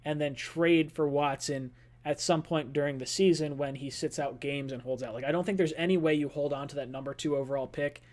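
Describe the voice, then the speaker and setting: A man hosting a sports fan call-in show, talking loosely and chattily with lots of filler words. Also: mid-range voice. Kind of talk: casual sports talk.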